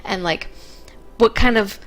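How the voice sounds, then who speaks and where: A woman's voice: mid-range voice, unhurried, a bit bright, a little hiss or hum. A woman co-hosting a casual podcast, chatty and frank, peppering her talk with "like". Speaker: co-host.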